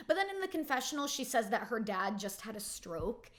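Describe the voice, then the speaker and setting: A woman's voice: a little high, big pitch swings, fast talker, fairly bright tone. A woman in her twenties giving a casual, opinionated recap of a reality TV episode, filling her talk with "like". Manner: chatty and opinionated, heavy use of "like".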